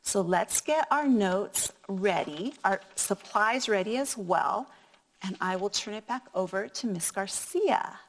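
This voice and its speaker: A woman's voice: medium pitch, animated, a little slow. A woman teacher walking students through a simple classroom task, step by step. Her tone is friendly and she demonstrates as she explains.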